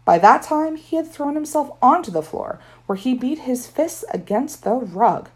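A woman's voice: high-pitched, lively intonation, moderate pace. A woman narrating a children's story in first person with a wry tone. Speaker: audiobook narrator.

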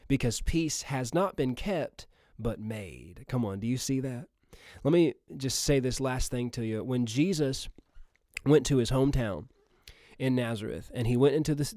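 A man's voice: mid-range voice, a little mellow, no echo, clean studio sound. A man preaching a sermon emphatically, repeating phrases and calling out to his listeners.

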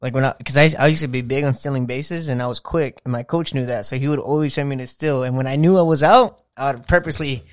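A young man hosting a casual podcast interview, excitable and full of slang, laughing often. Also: medium pitch, quick pace, few pauses, no room sound, clean studio sound. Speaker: podcast host.

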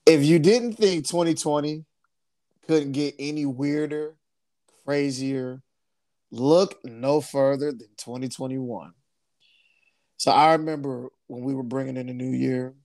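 A man's voice: mid-range voice, fairly even intonation, a little slow, gravelly, pauses often, darkish tone, no room sound. A man hosting a casual podcast chat, laid-back, repeating his phrases and laughing easily. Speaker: podcast host.

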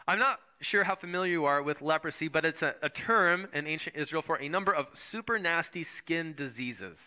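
Male preacher, conversational sermon, bright slightly high voice, acts out story voices. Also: lively intonation, fairly quick. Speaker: pastor.

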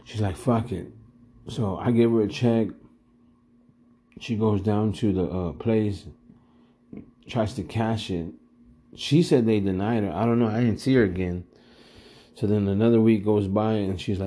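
A man's voice: fairly low pitch, steady tone, normal speed, long pauses, mellow. A middle-aged man telling stories in a casual, profane, slangy way, laughing as he goes. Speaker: storyteller. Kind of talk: casual storytelling.

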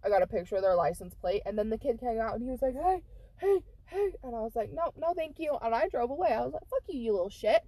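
On a casual podcast, a female co-host races through a story at a very fast clip, barely pausing, her voice a little high and free of echo. She swears a lot and throws herself into acting out every quote.

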